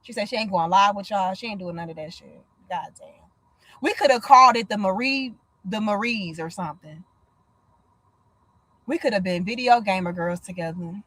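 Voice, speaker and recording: A woman's voice: mid-range voice, normal speed, no echo. A woman in her thirties, from the United States, hosting a casual livestream chat, blunt and profane, telling stories with lots of energy. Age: 30s. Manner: blunt, profane, animated storytelling. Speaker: livestream host.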